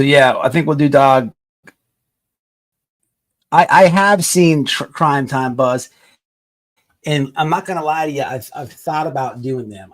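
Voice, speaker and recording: A man hosting a casual livestream, rambling and swearing as he mocks people online, sometimes slipping into a mock sales pitch. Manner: rambling, profane, mocking. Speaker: livestream host.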